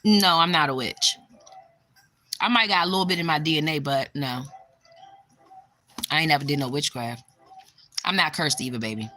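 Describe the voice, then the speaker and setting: A woman's voice: low-pitched, moderate pace, long pauses, no echo. A young woman chatting casually on a livestream, bluntly and with a lot of profanity, answering her viewers' comments. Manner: blunt and profane, bursts into loud exclamations; reacts to live chat comments. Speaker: spiritual vlogger.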